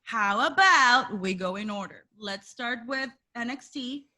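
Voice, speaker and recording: A woman co-hosting a wrestling podcast, upbeat and quick with quips. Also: a little high, pushed and bright. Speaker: podcast co-host. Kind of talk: casual chat.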